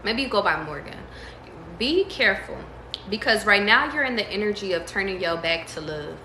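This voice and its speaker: A woman giving a casual tarot reading, slangy and profane, breaking into excited squeals. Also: medium pitch, moderate pace, reverberant, a little hiss or hum, poor audio. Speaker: tarot reader.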